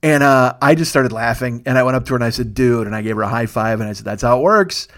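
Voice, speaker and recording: A middle-aged man telling a long comic story as a podcast host, animated and profane, laughing and loudly acting out the voices in it. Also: mid-range voice, very fast. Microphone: studio microphone.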